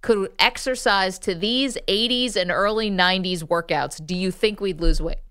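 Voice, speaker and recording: A woman's voice: medium pitch, normal speed, a bit bright, clear, resonant tone, no room sound, clean studio sound. A woman co-hosting a casual sports talk radio show, teasing and laughing often.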